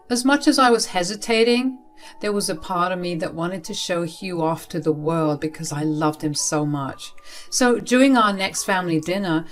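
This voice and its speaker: A young woman tells her own story, emotive and heartfelt. Her voice runs a little low, with faint music playing behind. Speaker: narrator. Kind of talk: first-person story narration.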